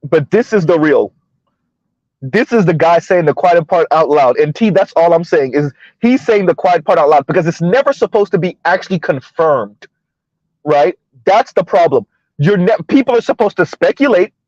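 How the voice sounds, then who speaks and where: A chatty man with a somewhat high voice rambles through casual commentary from inside his car, laughing often and checking in with "right?". The sound is dry and close, with a dull, muffled lo-fi quality. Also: animated, moderate pace, darkish tone, no room sound. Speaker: commentary channel host. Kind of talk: casual commentary while driving.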